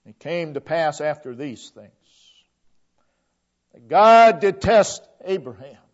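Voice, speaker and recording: A man with a high voice delivers a sermon at an unhurried pace, leaning hard on key words and then letting each phrase fall away almost to a whisper. The recording is dull and lo-fi. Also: expressive. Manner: slow, deliberate emphasis, voice sinking to a hush at phrase ends. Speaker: preacher.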